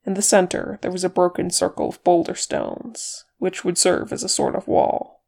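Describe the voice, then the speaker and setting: A reader narrating a fantasy chapter in an even, unhurried storytelling manner. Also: medium pitch, vocal fry. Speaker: audiobook reader. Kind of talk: fan fiction narration.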